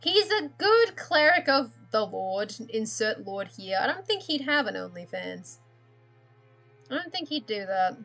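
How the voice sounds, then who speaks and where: A woman's voice: on the high side, very animated, a little slow, creaky, fairly bright tone, faint music behind. Rambling, giggly woman thinking aloud. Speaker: streamer. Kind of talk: casual livestream chat while drawing.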